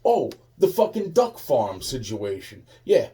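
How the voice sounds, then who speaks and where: A man's voice: mid-range voice, wildly swooping pitch, measured pace, warm tone, recorded from a distance. A man in a rambling, profane monologue, restarting his sentences again and again.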